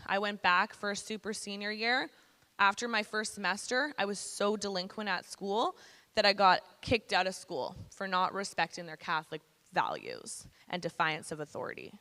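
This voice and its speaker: A woman's voice: medium pitch, sharp tone. A woman in her thirties from Canada gives a candid, blunt, casual personal testimony to students as a guest speaker in a school hall. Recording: echoey hall.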